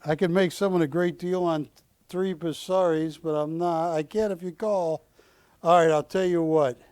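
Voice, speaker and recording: A man's voice: fairly high pitch, steady tone, moderate pace, darkish tone, smooth, no room sound. A man hosting a live shopping-channel auction, joking and pleading with viewers as he calls out the bids. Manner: jokey, pleading with viewers, rising calls of going once, going twice. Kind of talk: live on-air auction calling. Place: TV studio.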